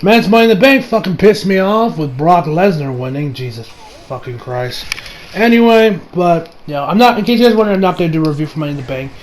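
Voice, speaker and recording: A man's voice: fairly high pitch, animated, quick pace, rough recording. A man talking casually as he reviews an anime episode, rambling with lots of restarts and the odd swear.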